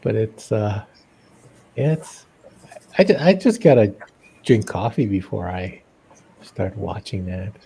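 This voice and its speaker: Laughing, animated man, mellow husky voice. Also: fairly low pitch, slow pace, pauses often. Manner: animated, laughs often, trails off mid-sentence. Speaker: artist co-host. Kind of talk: casual chat while drawing. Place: indoors at a livestream drawing session.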